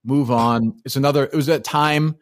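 A man's voice: mid-range voice, steady tone, normal speed, no echo, studio quality. A man co-hosting a casual movie podcast, blunt and opinionated, rambling through his points. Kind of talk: casual movie-discussion chat.

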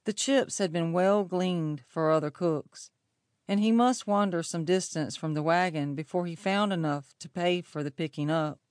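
A woman narrating a storybook in a measured, steady reading voice. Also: on the low side, no room sound, studio quality. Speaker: audiobook narrator.

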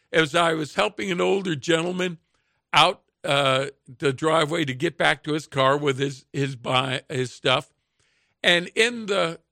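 A raised, gravelly male voice with a bright, forceful edge tells folksy stories on a radio show, chuckling as he goes. The sound is dry and close, with no room around it. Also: on the high side, dry recording. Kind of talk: casual storytelling chat.

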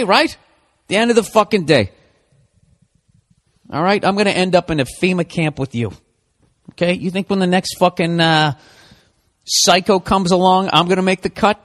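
A middle-aged man rants through a profane comedic monologue as a podcast host. His voice sits a touch high for a man, flaring into loud outbursts and then dropping to grumbling asides. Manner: ranting, swings from loud outbursts to low mutters.

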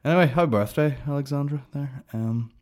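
A man's voice: on the high side, brisk, darkish tone. A man hosting a comedy podcast, rambling in profane, sarcastic banter. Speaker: podcast host.

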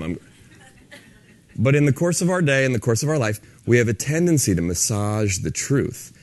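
A man's voice: mid-range voice, normal speed. A man giving a talk to a live audience, telling a story and acting out the dialogue in his own voice. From San Francisco. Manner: animated storyteller, acts out dialogue. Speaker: speaker on authenticity.

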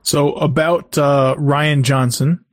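A man co-hosting a podcast, chatting casually about movies in a measured, informative way. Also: fairly high pitch, steady tone, no echo, clean studio sound. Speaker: podcast co-host.

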